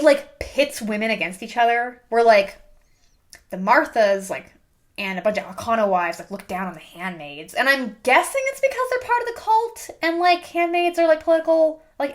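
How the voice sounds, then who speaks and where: A woman's voice: on the high side, lively intonation, moderate pace. A young woman hosting a casual book review, ranting sarcastically with plenty of "like" fillers. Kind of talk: casual rant monologue.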